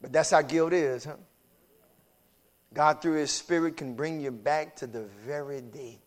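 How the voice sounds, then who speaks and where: High-pitched male preacher preaching, casual y'all talk, repeats stuff and works up to shouting. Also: fairly even intonation, measured pace. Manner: repetitive, building to shouted exclamations; colloquial, uses y'all. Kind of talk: sermon.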